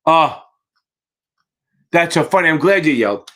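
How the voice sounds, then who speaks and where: A man's voice: fairly high pitch, expressive, normal speed, fairly bright tone. Blunt, profane man tutoring live. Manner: blunt and profane, calls viewers baby. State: tired, yawning. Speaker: securities exam tutor. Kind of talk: live Q&A stream, casual teaching.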